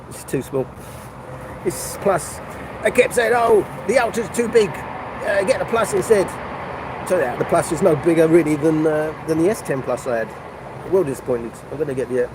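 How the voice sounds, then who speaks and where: A man's voice: a little high, noisy background. Older man rambling on a phone livestream. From North London. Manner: chatty, meandering, restarts mid-sentence. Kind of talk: rambling casual livestream chat. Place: motorway service station cafe.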